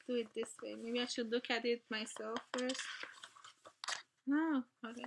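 A woman vlogging an album unboxing, gasping and gushing with excitement as she talks her way through it. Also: a little high, moderate pace, creaky, background noise. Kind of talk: casual unboxing chat.

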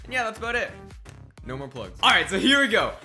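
A young man from Canada hosting a casual reaction commentary, jumping between murmured asides and loud exclamations. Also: high-pitched, sing-song, fast, soft background music. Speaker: YouTube commentary host.

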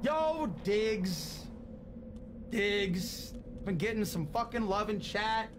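A man's voice: high-pitched, expressive, slow pace, background noise. A young man streaming a game, teary and grateful, swearing often while chatting with his viewers. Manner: tearful, grateful, swears a lot. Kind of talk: emotional live-stream chat. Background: game music.

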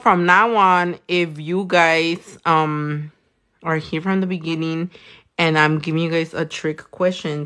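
Her voice is low-pitched and fairly bright, and she talks slowly. She's a young adult Californian nail artist livestreaming a tutorial, cursing freely in casual chat while doing nails and reading comments from viewers.

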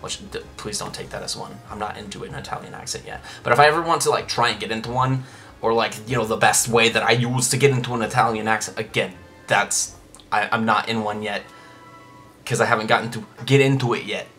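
A man's voice: on the low side, steady tone, fast talker, bright, forceful tone, faint music behind. A young man hosting a casual Let's Play, chatting and rambling with lots of restarts and side comments.

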